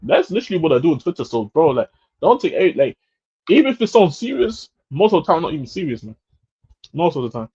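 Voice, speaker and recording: A man's voice: fairly high pitch, big pitch swings, quick pace, dark tone, husky, lo-fi sound. A young man, chatting casually as a podcast co-host, laughing often and repeating himself. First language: German. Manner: laughs a lot, repeats "bro". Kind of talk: casual banter.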